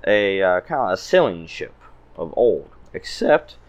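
A man's voice: low voice, very animated, a little slow. A man narrating a tabletop game as game master, in an easygoing manner.

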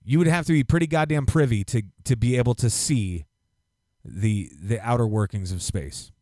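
A man co-hosting a podcast, ranting in a casual, profane, animated way. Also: medium pitch, normal speed, no room sound, studio quality. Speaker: podcast co-host. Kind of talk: casual chat.

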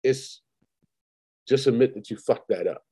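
Blunt, mellow-voiced man. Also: mid-range voice, a little slow, breathy edge. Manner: blunt, profane, matter-of-fact. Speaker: podcast co-host. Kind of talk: casual chat.

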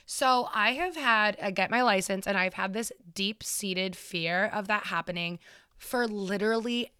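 Woman in her twenties, podcast co-host, swears a lot, animated storyteller, dry close sound. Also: medium pitch, a little slow, clean tone, dry recording. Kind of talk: casual storytelling chat.

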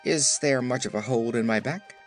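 A man's voice: mid-range voice, a little fast, soft background music, lightly acted. A stern straw scarecrow, read by a man. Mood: earnest. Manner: stern, earnest. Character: male scarecrow of straw, earnest and touchy.

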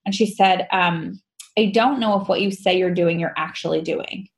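A woman's voice: fairly low pitch, moderate pace. A woman guest telling her personal story candidly, laughing often and acting out the dialogue. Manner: animated, laughs often, acts out quoted dialogue.

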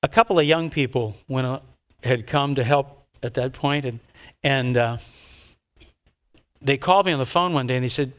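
An older man, a pastor, telling a story in a sermon with animated, dramatic delivery and sudden loud outbursts. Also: medium pitch, moderate pace, long pauses.

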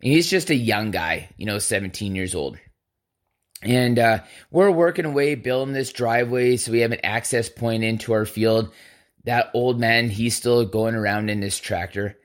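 Profane, animated man telling a story. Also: medium pitch, normal speed. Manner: profane, animated retelling with quoted dialogue. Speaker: podcast host. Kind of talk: casual storytelling.

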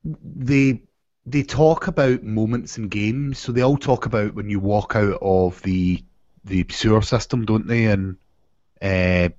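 Low-voiced man rambling in casual chat. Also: steady tone, a little slow, a little mellow, dry recording. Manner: rambling, searching for words. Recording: dull lo-fi audio.

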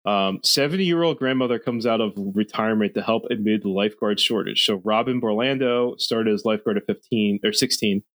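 A man's voice: fairly low pitch, brisk, hardly any pauses, a bit bright, no room sound. A man co-hosting a podcast, reading a news story aloud and riffing on it with jokes and swearing. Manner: jokey, swearing, riffing on an article. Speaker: podcast co-host.

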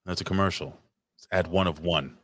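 A man's voice: deep voice, fairly even intonation, brisk, a bit bright. A man hosting a casual chat over a remote call, blunt, profane and teasing. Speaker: podcast host.

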